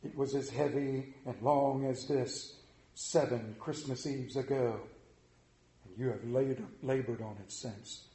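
A man's voice: mid-range voice, steady tone, a little slow, mellow, voice pushed down, lightly acted. Tormented chain-rattling ghost guy, a man reading it aloud, big declaiming voice, roomy echo. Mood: grave. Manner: grave, declaiming. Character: tormented male ghost of a dead businessman in chains.

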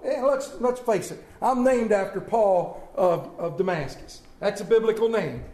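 A man preaching a sermon as pastor, impassioned and swinging from loud to hushed. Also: extremely high pitch. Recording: echoey church room.

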